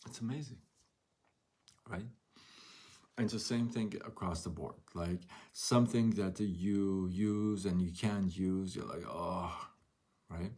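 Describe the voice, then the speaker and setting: A man's voice: sits low, steady tone, a little slow, mellow. A man hosting a live motivational talk, telling a story and asking rhetorical questions. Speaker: host.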